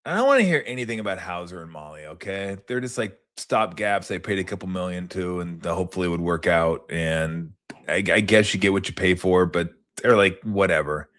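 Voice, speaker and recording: A fairly low-voiced man hosting a casual sports talk show. He rambles and swears freely, drifting off on tangents. He jumps into loud, lively bursts. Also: brisk. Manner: rambling and profane, wanders off on tangents. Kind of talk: casual chat.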